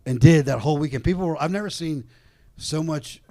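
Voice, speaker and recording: A man's voice: a little high, fairly quick, mellow, no room sound. Profane, rambling male storyteller. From Atlanta comedy scene. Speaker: podcast guest. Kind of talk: casual storytelling.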